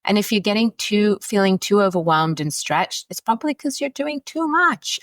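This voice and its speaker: Candid lower-voiced woman psychologist. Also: dry recording. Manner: candid, anecdotal, laughs often. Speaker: guest psychologist. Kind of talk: conversational podcast interview.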